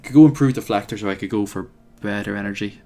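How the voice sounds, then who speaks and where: A man's voice: lowish voice, fast, mellow. A man commentating his own strategy game, thinking aloud with plenty of hesitations and wry asides. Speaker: let's play host.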